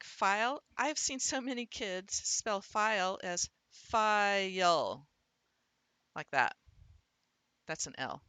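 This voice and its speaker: Bright, dry-voiced woman teaching phonics. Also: on the low side, no echo. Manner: thinks aloud, sounds words out slowly. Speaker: literacy instructor. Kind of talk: explanatory teaching talk.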